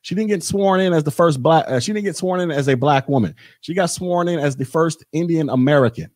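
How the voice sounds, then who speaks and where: A man's voice: fairly high pitch, fairly quick, a little mellow, no echo, clean studio sound. A podcast host, a man, delivering a blunt, repetitive political rant in a monologue. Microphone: podcast mic.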